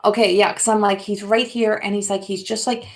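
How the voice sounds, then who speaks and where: A woman's voice: medium pitch, flat delivery, fairly quick. Rambling older woman giving spiritual readings. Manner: rambling, filler-heavy, addresses viewers by name. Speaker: intuitive card reader.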